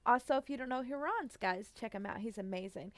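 Bubbly woman game streamer, fairly high voice, dry close sound, giggly, greets chat by name. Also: expressive, a little fast, no room sound. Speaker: Twitch streamer. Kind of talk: casual live-stream chat.

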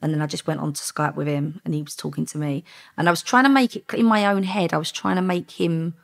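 A low-pitched woman with a gravelly, husky voice tells her story in an interview. She talks bluntly and candidly, a former undercover officer with frank language. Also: fairly even intonation, quick pace.

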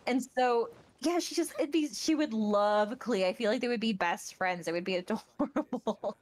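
A woman's voice: on the high side, normal speed, a little mellow. A woman guesting on a game stream as a voice actor, chatting in a bubbly, gushing way. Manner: bubbly, gushing, lots of fillers. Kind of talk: casual chat on a game stream.

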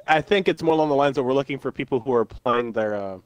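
A man's voice: medium pitch, fast talker, no echo. Laid-back young man, dry close sound. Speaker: co-player. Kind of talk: casual gameplay chat.

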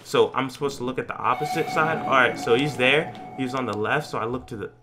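A man's voice: mid-range voice, fairly quick, music in the background. A young man casually joking and reacting while playing a horror game, chatting in slangy banter and yelping at scares. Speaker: gaming YouTuber. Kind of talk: horror game let's play commentary.

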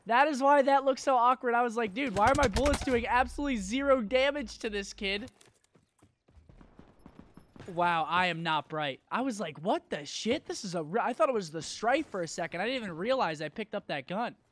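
A man's voice: high voice, animated, normal speed, fairly bright tone. A man doing live gameplay commentary as a gaming YouTuber, hyping himself up and mocking his own mistakes with sudden outbursts. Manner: hype, self-mocking trash talk, sudden outbursts.

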